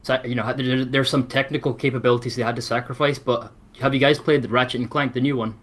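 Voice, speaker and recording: A man's voice: mid-range voice, level tone, fast talker, a bit bright. Scottish male guest, middle voice, hesitant casual podcast talk. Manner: hesitant, thinking aloud with fillers. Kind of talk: casual gaming chat.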